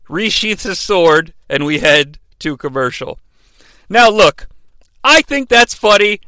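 Bright, dry-sounding man, rambling self-deprecating comic podcast host. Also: high-pitched, animated, unhurried, no room sound. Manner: rambling, self-deprecating, acts out quotes in voices. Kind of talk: comedic wrestling fantasy booking monologue.

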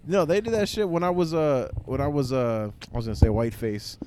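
A man's voice: on the high side, brisk, noisy background. A young man in casual chat, blunt and profane, telling jokey stories.

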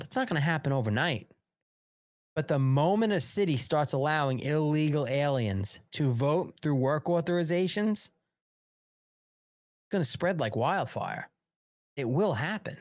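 A man's voice: a little high, lively intonation, moderate pace, long pauses, no room sound, studio quality. A man hosting a live political talk show, delivering emphatic, repetitive commentary laced with swearing.

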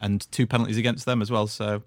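A man co-hosting a casual football podcast from home, easygoing and steady as he goes through match stats. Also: on the low side, quick pace, no echo, studio quality. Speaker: podcast co-host. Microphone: recorded at home.

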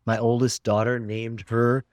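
A man's voice: medium pitch, little pitch movement, measured pace, no echo. An older man, a documentary filmmaker, talking earnestly and expansively in an interview, often repeating words for emphasis. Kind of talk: reflective interview talk.

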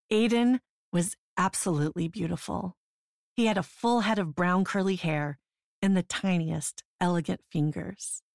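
Female memoir narrator, sober and measured, low register, dry booth sound. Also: gravelly, dry recording. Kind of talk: first-person memoir narration.

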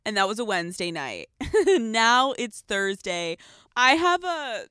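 A young woman hosting a casual vlog-style podcast, excitable and profane, laughing often as she talks. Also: fairly high pitch, a little slow. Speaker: podcast host. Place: hotel room.

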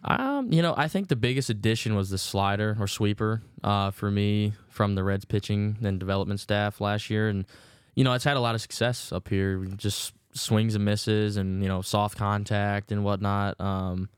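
A man's voice: on the low side, normal speed, smooth, no echo, clean studio sound. A young man with a light Southern American accent, chatting casually as an interview guest and laughing often. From Virginia. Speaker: guest, baseball pitcher.

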